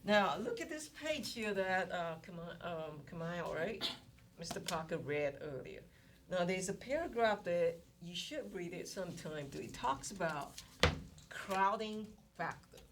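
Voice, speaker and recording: An animated but unhurried woman with a lowish voice lectures on economics to a class, breaking concepts down step by step and asking rhetorical questions along the way. Her audio is distant and marred by noise and clicks.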